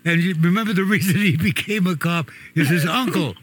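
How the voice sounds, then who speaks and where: A man's voice: high voice, brisk, a bit bright, slightly rough. A man hosting a radio talk show, joking around and laughing often as he chats.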